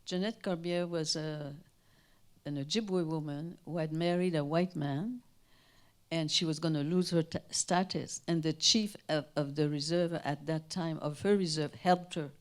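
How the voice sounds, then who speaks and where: Low-voiced older woman telling stories. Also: a little slow. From Canada. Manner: animated, acts out quoted voices, trails off and restarts. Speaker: guest speaker. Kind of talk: anecdotal storytelling at a Q&A. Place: town hall in front of an audience.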